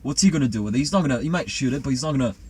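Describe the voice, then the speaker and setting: A man's voice: mid-range voice, animated, racing, darkish tone, slight background noise. A man chatting casually and rambling confidently through a conspiracy theory. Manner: rambling, self-assured. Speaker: co-host.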